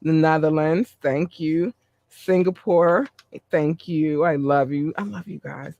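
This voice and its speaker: A man hosting a podcast, reading listener shout-outs in a chatty way with running asides. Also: fairly high pitch, steady tone, slow pace, gravelly, dry recording, dull audio. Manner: warm, chatty, reads a list with asides. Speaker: podcast host.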